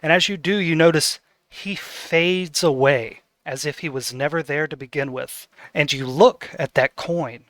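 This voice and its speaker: A man's voice: a little high, measured pace, fairly bright tone, no room sound, studio quality. A man narrating as game master of a tabletop game, setting scenes with descriptive narration and fillers.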